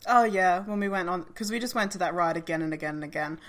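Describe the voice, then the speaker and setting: Woman podcast co-host, relaxed and chatty, dry asides, casual chat. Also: lowish voice, fast talker. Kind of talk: casual watch-along chat.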